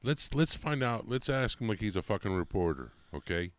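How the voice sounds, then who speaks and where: A man's voice: fairly low pitch, very animated, moderate pace, no echo. A man hosting a podcast, teasing his co-host in brash, profane casual banter.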